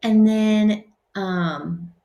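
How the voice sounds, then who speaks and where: A woman teaches French in a relaxed, chatty way, slowing down to model each French word for her students. Her mid-pitched voice sits in an echoey room. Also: faint music behind. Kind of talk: classroom lesson.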